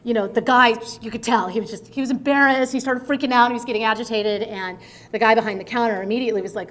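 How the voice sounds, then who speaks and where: A middle-aged woman speaking as a guest speaker at a conference, in a conversational, animated way. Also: fairly high pitch, quick pace. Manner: conversational, animated, acts out quotes. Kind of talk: conference talk. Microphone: microphone at a conference.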